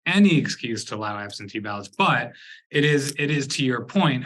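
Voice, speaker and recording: Bright-voiced male interviewer. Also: mid-range voice, rough recording. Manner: conversational, probing questions. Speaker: interview host. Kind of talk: policy interview.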